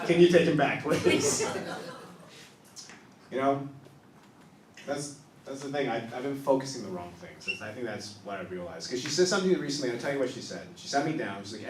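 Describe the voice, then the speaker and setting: Comedian in a roomy club. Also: male voice, medium pitch, a little hiss or hum. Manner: confessional storytelling, swings from soft asides to loud punchlines. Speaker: stand-up comedian. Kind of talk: stand-up comedy set. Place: small improv club stage, live audience. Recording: roomy club sound from a distance.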